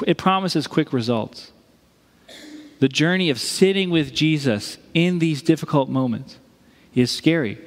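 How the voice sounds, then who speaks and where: A man's voice: medium pitch, long reverb tail. A male pastor delivering a conversational sermon, telling a story and acting out the voices of the people in it.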